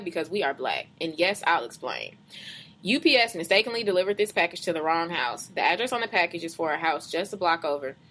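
A woman co-hosting a casual podcast chat, reading a social media post aloud slowly and then talking it over. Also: on the low side, bright, forceful tone. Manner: reads slowly and deliberately, chatty asides.

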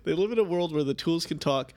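A man's voice: fairly high pitch, lively intonation, quick pace, darkish tone. A man co-hosting a casual comedic chat, riffing animatedly with laughs.

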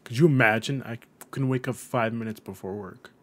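A man co-hosting a podcast, reading a quiz aloud in a playful, rambling, animated way. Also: mid-range voice, a little fast. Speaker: podcast co-host.

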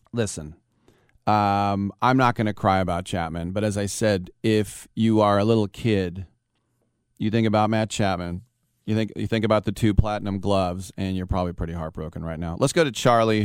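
A man hosting a live sports talk radio show, telling baseball stories in a casual, animated way. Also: on the low side, normal speed, clear, resonant tone, dry recording, studio quality. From San Francisco Bay Area. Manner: storytelling, animated, acts out quotes.

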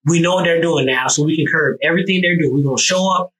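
Bright-voiced Southern man telling stories. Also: fairly high pitch, fast talker, few pauses, a little hiss or hum, poor audio. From US South, Georgia. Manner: animated storytelling with repeated restarts; profane, conversational. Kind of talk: casual podcast conversation.

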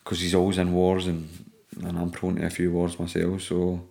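A man's voice: low-pitched, monotone, moderate pace, vocal fry, mellow. A Scottish man, an MMA fighter guesting on a podcast, chatting casually, swearing freely and laughing through his stories.

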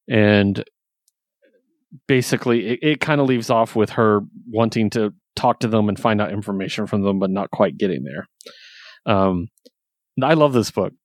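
A man's voice: on the low side, no room sound. Chatty guy retelling a story, laughs a lot, dry sound. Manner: chatty, laughs often, retells scenes with quick quoted voices. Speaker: comic book reviewer. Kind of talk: casual chat.

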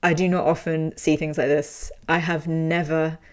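A woman's voice: low voice, little pitch movement, normal speed. A young adult woman candidly telling an emotional personal story, speaking frankly and swearing freely.

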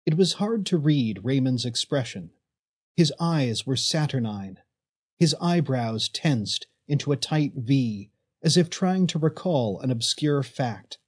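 A man reads a story aloud at a slow, deliberate pace. His pitch moves widely and expressively, sitting a little high for a man. The voice has a husky edge. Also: lively intonation, darkish tone. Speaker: narrator. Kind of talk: audiobook narration.

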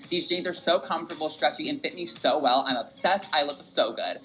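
A man reading a scripted, upbeat social media video voice-over in a brisk, list-like way. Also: mid-range voice, bright, forceful tone, low-quality recording.

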